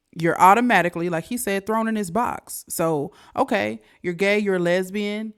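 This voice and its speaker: A woman hosting a reaction video, talking loosely and conversationally, with sudden soft drops in volume. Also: medium pitch, normal speed, hardly any pauses, smooth. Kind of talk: casual reaction commentary.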